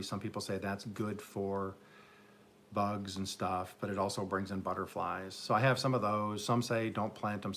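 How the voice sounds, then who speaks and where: Speaking in a lowish, pushed, bright voice, this man hosts a garden channel and streams live from his home garden in Oklahoma. He has an upstate New York accent and rambles casually, poking fun at himself and trading jokes with chat viewers.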